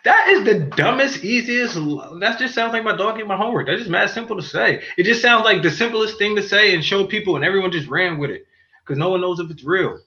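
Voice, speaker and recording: A man hosting a podcast, arguing loudly and joking in casual banter, laughing often. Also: high voice, fairly quick. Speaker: podcast host. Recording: slightly dull sound with faint noise.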